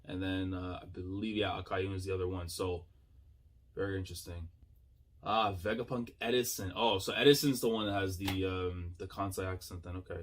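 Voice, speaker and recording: A man giving casual, excitable reaction commentary as a YouTuber, thinking aloud with slang and frequent laughs. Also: sits low, brisk.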